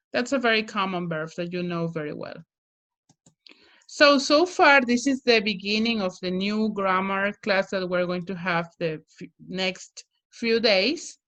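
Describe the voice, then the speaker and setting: A woman's voice: mid-range voice, fairly bright tone. A woman teacher giving an online grammar lesson, speaking carefully and stressing words to model their pronunciation. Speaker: English teacher.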